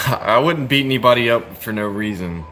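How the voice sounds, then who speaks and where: A man's voice: medium pitch, moderate pace, pushed and bright, slight background noise. An American man in his thirties, chatting casually with a livestream chat in a blunt, joking, profane way full of slang. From United States. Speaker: livestream host answering chat.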